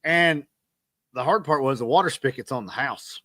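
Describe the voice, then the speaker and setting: Male podcast host, 30s, bright and punchy tone, self-deprecating storyteller, dry close mic. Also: mid-range voice, moderate pace, no echo. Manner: rambling, self-deprecating, animated retelling. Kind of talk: casual storytelling monologue.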